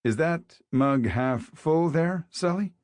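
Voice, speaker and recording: Man putting on a teasing male teacher, mocking and jokey, raised lively pitch, dry close sound, audiobook figure. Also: takes it slowly, no echo. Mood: needling. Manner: mocking, joking. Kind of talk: audiobook character voice.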